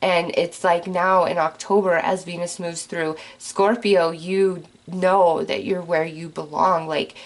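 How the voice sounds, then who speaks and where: Tarot reader, woman, lowish voice, effusive and teary, chatty delivery full of fillers. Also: fairly even intonation, slow pace, few pauses. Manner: gushing, earnest, chatty with many fillers. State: tearful, choked up. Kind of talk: emotional tarot reading monologue.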